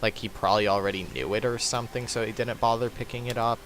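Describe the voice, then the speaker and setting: A man casually commentating his own gameplay, thinking aloud and halting with frequent ums. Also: medium pitch, steady tone, a bit bright, slight background noise. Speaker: let's play host playing the game.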